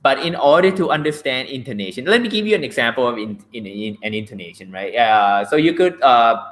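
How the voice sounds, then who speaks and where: A man's voice: medium pitch, lively intonation, fairly quick, a bit bright. A man teaching an English reading lesson, chatty, ending points with "right?". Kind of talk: online lecture.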